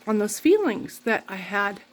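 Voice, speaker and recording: A woman's voice: medium pitch, very animated, unhurried. A woman vlogging, telling a rambling, candid personal story full of faith talk. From Canada.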